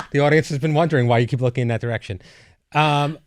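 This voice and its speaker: A man's voice: on the high side, quick pace, dry recording, clean studio sound. A man in his forties hosting a casual podcast chat, teasing his co-host in a conversational way. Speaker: podcast host and executive producer.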